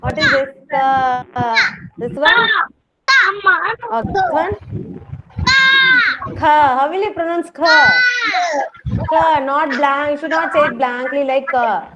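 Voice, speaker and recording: A woman's voice: high voice, moderate pace. A woman kindergarten teacher with an Indian English accent, leading an online class and patiently repeating words for young children. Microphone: video call. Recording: lo-fi noisy video call audio.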